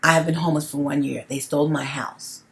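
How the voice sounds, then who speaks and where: A woman's voice: sits low, little pitch movement, quick pace, gravelly. A middle-aged woman talking straight to her viewers in a personal vlog, emphatic and repetitive, often checking in with "okay?". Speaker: vlogger.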